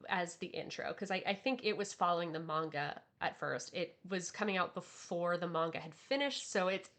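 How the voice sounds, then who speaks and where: A woman co-hosting a casual podcast, talking in a rambling, animated way with many fillers. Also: on the low side, normal speed. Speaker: podcast co-host. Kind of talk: casual anime chat.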